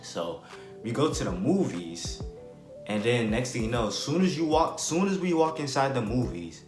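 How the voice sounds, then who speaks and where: Young guy from New Jersey, mid-pitched, loose slangy storyteller, roomy room with soft music underneath. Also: sing-song, moderate pace. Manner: slangy, rambling, frequent "bro" and "like". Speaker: vlogger. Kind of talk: casual storytime.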